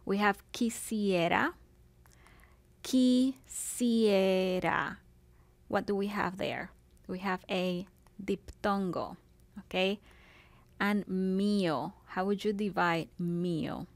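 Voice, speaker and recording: A woman teaching a recorded video language lesson at a very unhurried pace. She says each word slowly and carefully, breaking it into syllables and repeating it. Her voice sits in an ordinary middle pitch and the recording is close and dry, with no room sound. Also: steady tone, creaky, dry recording. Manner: slow, patient, spells out words syllable by syllable. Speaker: Spanish teacher.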